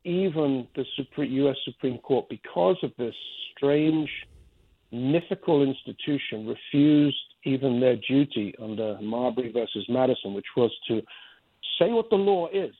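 A man's voice: medium pitch, dry recording. A middle-aged man from Spain, an artist giving a long, rambling interview answer, often restarting and repeating his words. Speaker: artist guest. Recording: tinny phone-line sound.

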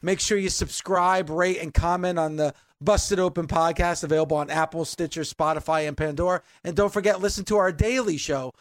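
A man's voice: fairly high pitch, fairly even intonation, brisk, few pauses, dry recording, clean studio sound. A man hosting a podcast who sums up the talk and reads the outro in an earnest, polished way. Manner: earnest, polished, thanking and wrapping up. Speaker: podcast host.

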